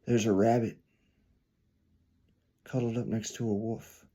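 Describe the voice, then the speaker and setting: A man preaching a storytelling sermon, earnest, swelling louder then dropping soft. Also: fairly low pitch, flat delivery, unhurried, husky.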